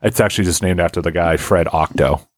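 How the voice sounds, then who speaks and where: A man's voice: deep voice, quick pace. A man co-hosting a casual podcast chat, with dry, wry humor. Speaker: podcast co-host.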